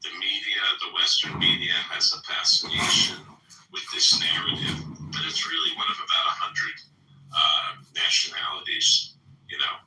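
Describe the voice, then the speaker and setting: A man arguing his point in a heated online debate and quick to object. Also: low voice, creaky, pushed and bright. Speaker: debate panelist. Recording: echoey, distant mic with faint noise.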